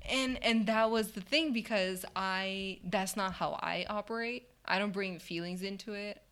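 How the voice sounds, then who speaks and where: A woman's voice: medium pitch, moderate pace, clean tone. A woman telling a story in a casual chat, acting out the people she quotes and laughing often. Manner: animated, acts out quoted dialogue, laughs often.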